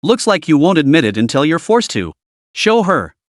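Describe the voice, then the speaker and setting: A man's voice: fairly high pitch, big pitch swings, moderate pace, dry recording, studio quality. A man voicing a cunning, relentless male interrogator who presses with rising questions. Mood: pressing.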